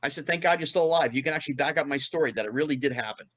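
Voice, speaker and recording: A man in his fifties from New Jersey, a guest in an interview, telling a fast anecdote and acting out the quotes with big jumps in pitch. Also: fairly bright tone, no echo. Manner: fast storytelling with acted-out quotes, rising pitch on punchlines. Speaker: guest, former child actor.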